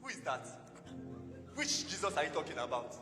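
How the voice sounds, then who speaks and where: A man's voice: on the high side, big pitch swings, normal speed. A man playing a frightened disciple in an amateur church stage drama, answering with evasive, defensive denials. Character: frightened disciple denying his teacher, adult man. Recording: echoey hall with music behind.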